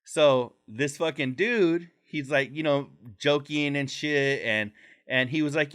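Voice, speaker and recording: This is a male podcast co-host with a slightly higher voice who tells stories in loose, profane slang. He keeps the talk animated and jumps into high put-on voices whenever he quotes someone. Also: slow, clear, resonant tone. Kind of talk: casual storytelling chat.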